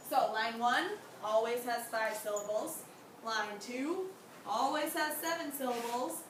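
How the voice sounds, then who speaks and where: A young woman teaching a class, who encourages her students and asks them many questions. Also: fairly high pitch. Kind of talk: classroom lesson. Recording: echoey room from far off, background noise.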